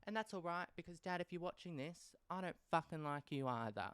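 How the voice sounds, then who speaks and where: A man's voice: a little high, animated, fairly quick, fairly bright tone, clean tone, no room sound. A young man, hosting a casual storytelling podcast in a blunt, profane and rambling way. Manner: blunt and profane, swears freely; wry and rambling, trails off into asides. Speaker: podcast host.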